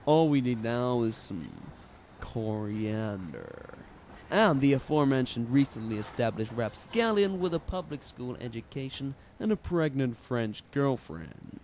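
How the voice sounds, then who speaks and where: A man's voice: medium pitch, a little mellow, a little hiss or hum, natural voice. A man playing a scheming market trader who fakes a hammy Cockney accent, in an amateur comedy sketch. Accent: put-on Cockney. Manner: hammy market-stall patter, conspiratorial asides.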